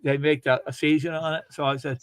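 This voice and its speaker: A man's voice: fairly high pitch, little pitch movement, quick pace, smooth, no room sound. A man casually telling long, rambling funny stories on a livestream and laughing as he goes. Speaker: livestream host. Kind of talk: casual storytelling chat.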